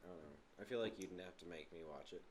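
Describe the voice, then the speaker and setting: A man's voice: low voice, fast, a crowd in the background. A young man co-hosting a casual podcast, playful and teasing, often laughing. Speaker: podcast co-host. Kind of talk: casual chat.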